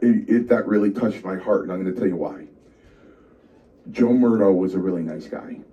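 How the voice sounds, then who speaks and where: A man co-hosting a podcast who tells animated anecdotes, often stammering and restarting his sentences. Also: deep voice, normal speed. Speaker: podcast co-host. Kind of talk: casual storytelling. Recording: distant dull lo-fi.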